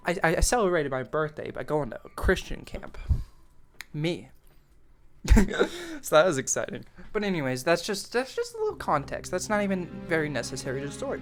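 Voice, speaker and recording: Rambling, profane young man telling a story. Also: a little high. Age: young adult. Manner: rambling, profane, many fillers and restarts. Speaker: storytime vlogger. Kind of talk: casual storytime.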